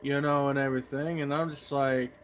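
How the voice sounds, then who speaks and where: A man's voice: mid-range voice, level tone, brisk, a little hiss or hum. A man chatting in a folksy, rambling way as a pipe tobacco vlogger. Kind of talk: casual rambling vlog.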